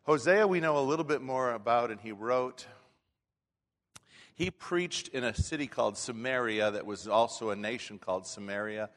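A man's voice: medium pitch, normal speed, fairly bright tone. A man preaching a sermon as a pastor in a church, talking in a folksy, conversational way with frequent restarts. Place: church sanctuary. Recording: long hall reverb.

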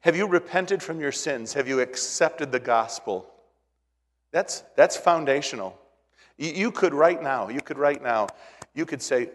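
A male pastor preaching a sermon to a congregation, moving between hushed, quiet phrases and loud, emphatic ones, often repeating words. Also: a little high, expressive, a little slow. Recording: long reverb of a large hall.

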